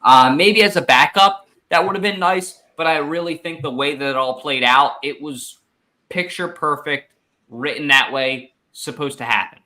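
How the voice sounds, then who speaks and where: A man co-hosting a casual sports podcast, upbeat and joking with quick asides over a video call. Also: fairly high pitch, pushed and bright. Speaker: podcast co-host.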